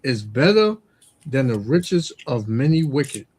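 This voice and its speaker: A man's voice: mid-range voice, big pitch swings, slow, darkish tone, slightly rough. A man in casual religious talk who backs others up with frequent affirmations and quotes scripture.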